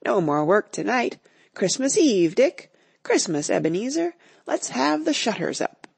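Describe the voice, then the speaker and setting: Woman doing a booming jolly old merchant. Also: sing-song, unhurried, creaky, a little mellow, breathy edge, no echo, heavily acted. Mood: jovial. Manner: hearty, booming calls. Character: jolly old male merchant, loud and hearty.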